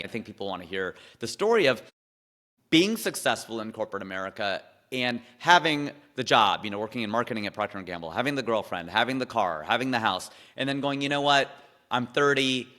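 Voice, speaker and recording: A man, a comedian, talking through stories and advice in a casual interview, animated with quick asides. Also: lowish voice, long reverb tail.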